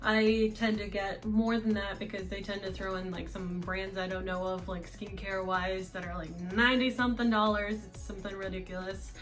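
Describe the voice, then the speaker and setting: A woman's voice: mid-range voice, level tone, normal speed, hardly any pauses, faint music behind. A woman with a Russian accent chatting casually through a makeup box unboxing, rambling with lots of fillers. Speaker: beauty vlogger.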